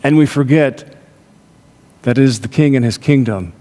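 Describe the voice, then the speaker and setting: A man's voice: medium pitch, normal speed, dark tone. A middle-aged male pastor preaching a sermon, talking to the congregation conversationally with rhetorical asides. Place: church sanctuary. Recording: long reverb of a church hall.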